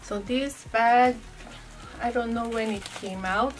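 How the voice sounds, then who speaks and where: A woman's voice: on the high side, takes it slowly, recorded from a distance, music in the background. A woman from the Philippines with a Filipino accent, chatting casually through a handbag unboxing, musing aloud as she goes. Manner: chatty, restarts and muses aloud.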